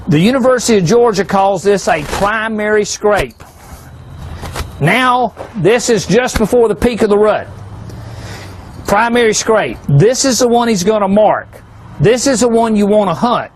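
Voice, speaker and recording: A man's voice: sits high, a little hiss or hum. A man giving a folksy, joking hunting seminar, peppering a live audience with rhetorical questions.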